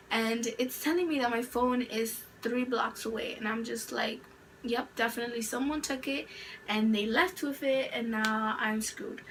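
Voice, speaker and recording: A woman's voice: fairly high pitch, a bit bright. A young adult woman vlogger telling a storytime tale in a rambling, chatty way, full of "like" fillers. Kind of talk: storytime narration. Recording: distant mic with faint background noise.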